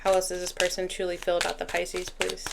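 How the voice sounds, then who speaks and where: A woman's voice: fairly low pitch, completely flat delivery, brisk, gravelly, background noise. Chatty woman reading tarot cards. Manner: talks to cards and spirit while shuffling, chatty. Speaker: tarot reader.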